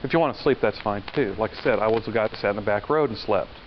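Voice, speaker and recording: A man's voice: on the low side, fast talker. A male university lecturer giving a classroom lecture, talking conversationally, asking the class questions and telling stories along the way. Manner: conversational, asks the class questions, tells anecdotes. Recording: dull lo-fi lecture recording with faint noise.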